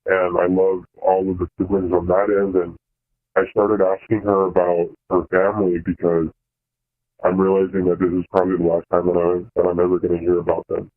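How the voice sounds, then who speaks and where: Over a tinny phone line, a young man calls into a show to confide a hard personal experience. His deep voice stays narrow and even in pitch, and his delivery is halting and hesitant, full of fillers, false starts, and restarts.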